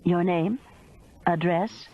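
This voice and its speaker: Female reader as dispatcher, calm and level, slightly low voice. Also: takes it slowly, dull audio. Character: calm female emergency operator.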